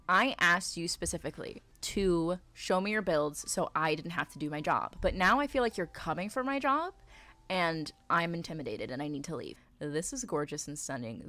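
Female game streamer, slightly low voice, effusive and theatrical in her reactions. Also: fairly bright tone. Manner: gushing, playful, dramatic reactions. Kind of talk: live-stream commentary.

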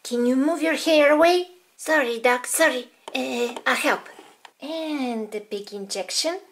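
A woman's voice: high voice, measured pace, slight background noise. A woman voicing dolls in a toy-play video, in a childlike, sing-song way. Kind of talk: toy play with doll voices.

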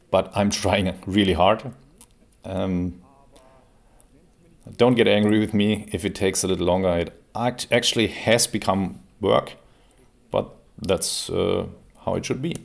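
A man, creaky after a cold, explaining an airgun in a relaxed, casual review with plenty of fillers. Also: on the low side. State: recovering from a cold. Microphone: camera mic while seated.

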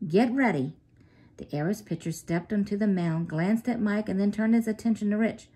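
A woman narrating a children's story in a steady, clear way. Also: mid-range voice, brisk.

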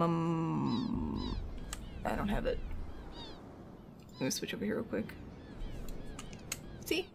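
A woman's voice: mid-range voice, a little hiss or hum. Chatty woman streaming a game. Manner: chatty, rambling. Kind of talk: casual gameplay chat.

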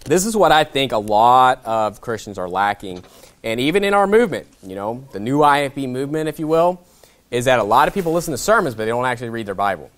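Fast and full of big pitch swings, this pastor, somewhere between young adult and middle age, delivers his sermon conversationally. His loudness varies widely too, and he often pauses to ask "okay?".

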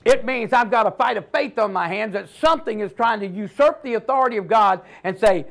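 A man preaching a sermon as pastor, emphatic, swinging between loud declarations and hushed lines and calling on the congregation to repeat after him. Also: high-pitched, a little fast, gravelly, hardly any pauses.

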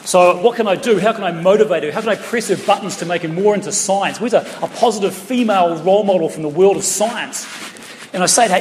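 A man's voice: high voice, quick pace, slight background noise. A middle-aged man with a New Zealand accent telling stories in a chatty stand-up set with playful asides to the crowd. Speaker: stand-up comedian. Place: large town hall stage. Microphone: stage mic through PA. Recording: echoey hall from a distance. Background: audience laughter.

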